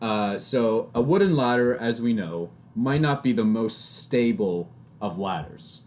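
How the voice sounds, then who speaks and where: A man's voice: medium pitch, expressive, unhurried, a little mellow. A young man with a Canadian accent co-hosting a casual podcast, reading out strange laws and laughing often. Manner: giggly, reads out odd laws. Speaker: podcast co-host. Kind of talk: casual chat.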